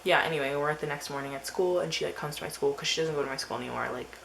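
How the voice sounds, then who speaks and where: A woman's voice: deep voice, very fast, gravelly, a bit bright, slight background noise, rough recording. A teenage girl telling a rambling story in a casual diary vlog, full of "like" and quoted asides. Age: teens. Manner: rambling, filler-heavy storytelling. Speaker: vlogger.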